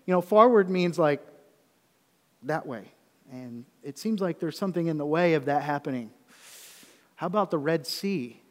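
A middle-aged man preaching a sermon. He reads scripture slowly and builds to loud, emphatic passages. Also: a little high, lively intonation, big-room sound. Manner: preaching with rising intensity, reading scripture slowly. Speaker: pastor.

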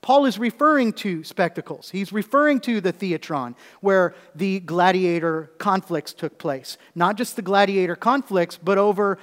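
A man's voice: sits high, normal speed, few pauses, a bit bright. A male preacher giving a sermon, explaining scripture with humorous asides and rhetorical questions. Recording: echoey hall.

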